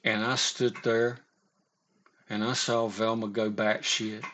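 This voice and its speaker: A man's voice: on the low side, little pitch movement, slow, bright, forceful tone. A man casually telling a story, rambling and profane, often stopping to restart his sentences. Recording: dull lo-fi recording.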